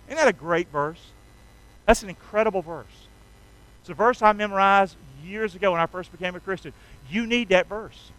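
A man with a strikingly high, smooth voice preaches an energetic sermon. He calls on the congregation to repeat after him in a folksy, emphatic style. The sound is close and dry. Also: normal speed, no echo, low-quality recording. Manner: energetic call-and-response with the congregation. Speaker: pastor.

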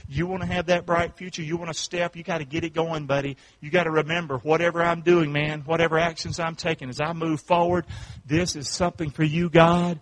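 A man pastor preaching a sermon, calling out to his congregation and swinging from quiet asides to shouts. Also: a little high, flat delivery, brisk. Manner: call-and-response preaching, swings from hushed to shouting. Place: church sanctuary.

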